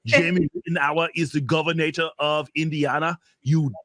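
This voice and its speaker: Man doing an action-star muscleman, stiff forceful commands, slightly high voice. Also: steady tone, moderate pace, dry recording, natural voice. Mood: commanding. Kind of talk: comic impression.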